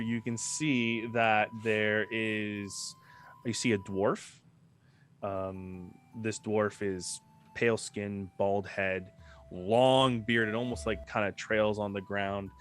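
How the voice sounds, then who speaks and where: A man narrating a tabletop game as game master, describing scenes in a halting way and restarting his sentences. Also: fairly low pitch. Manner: halting, with many fillers and restarts.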